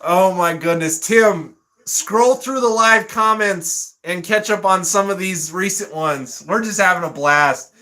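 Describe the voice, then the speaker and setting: A man's voice: sits high, unhurried, pushed and bright. A man hosting a casual live stream, reading viewer comments aloud and laughing often. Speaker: livestream host reading chat.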